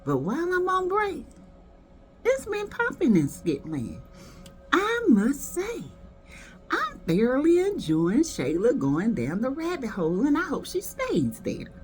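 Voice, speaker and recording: Woman video reviewer, sassy and gossipy, bouncy high-ish voice over faint music. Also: wildly swooping pitch, unhurried, darkish tone. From South Carolina, US. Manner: sassy, gossipy, dramatic asides. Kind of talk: casual commentary.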